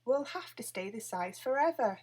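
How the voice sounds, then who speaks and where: A woman voicing an excitable, scatterbrained female witch in a storybook reading, with a high exclaiming voice. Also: moderate pace, breathy edge. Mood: worried.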